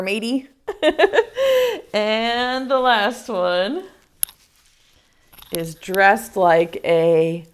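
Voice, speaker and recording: A young adult woman teaching an online preschool circle time lesson, slow and sing-song with playful giggles. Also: mid-range voice.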